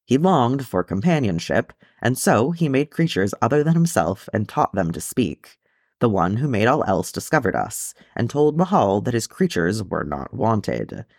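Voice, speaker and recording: A man's voice: mid-range voice, sing-song, a little mellow, no room sound, clean studio sound. A man reading as a solemn, stoic dwarf. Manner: solemn, measured. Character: stern proud male dwarf, weary and stoic.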